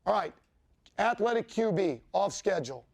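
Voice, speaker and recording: A football coach walks players through film in a blunt, emphatic way, swearing freely as he makes his points. His voice sits high for a man and carries a gravelly rasp. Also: lively intonation, moderate pace, darkish tone. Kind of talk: film-room coaching talk.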